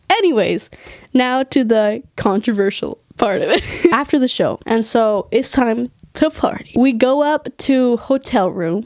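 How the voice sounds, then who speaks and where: A woman telling casual stories straight to camera, animated and swearing freely, laughing mid-sentence. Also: on the high side, no echo. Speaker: vlogger. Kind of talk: casual storytelling.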